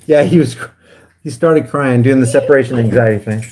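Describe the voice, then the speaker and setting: A man's voice: medium pitch, a little fast, darkish tone. A man talking casually on a livestream, rambling and getting heated. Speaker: guest livestreamer.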